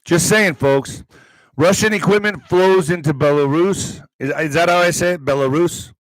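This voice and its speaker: A man's voice: fairly high pitch, moderate pace, dry recording, poor audio. A man hosting an online commentary show, reading news items aloud and breaking off into profane, sarcastic asides. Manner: profane, sarcastic asides between read headlines.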